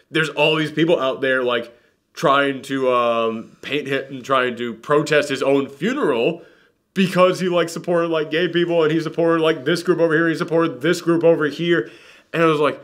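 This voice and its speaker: A young man reviewing a movie in a casual chat, talking in an animated way and using lots of fillers. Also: mid-range voice. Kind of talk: casual conversation.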